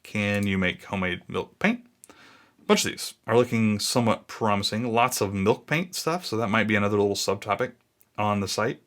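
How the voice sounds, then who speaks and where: A man's voice: on the low side, moderate pace, a bit bright. A man in his thirties thinking aloud in a casual, easily sidetracked way as he walks through a screen recording. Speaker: blogging YouTuber.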